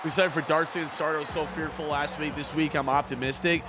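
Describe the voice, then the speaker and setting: A man streaming a video game and commentating it like a sports broadcaster, sometimes in a slow announcer voice and sometimes as casual chat, repeating phrases for emphasis. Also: on the high side, fairly even intonation, background noise. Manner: switches between a slow, drawn-out announcer voice and quick casual chat. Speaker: gaming streamer.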